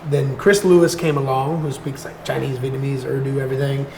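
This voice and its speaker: An American man with a raspy voice, chatting casually as a podcast guest and telling relaxed stories. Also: mid-range voice, a little fast. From United States. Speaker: guest content creator. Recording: echoey room with faint noise.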